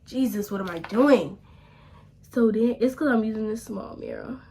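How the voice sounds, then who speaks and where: Chatty young woman, hushed asides. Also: on the high side, normal speed. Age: young adult. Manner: chatty, often drops to a hushed whisper. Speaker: vlogger. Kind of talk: casual storytelling while doing makeup. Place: at home, doing makeup at a small mirror.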